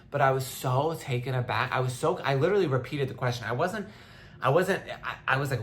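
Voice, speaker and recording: A woman's voice: rumbling low, fairly quick, slight background noise. A young woman hosting a podcast, talking in a casual, impassioned way with many restarts, at times close to tears. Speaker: podcast host. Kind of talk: casual monologue.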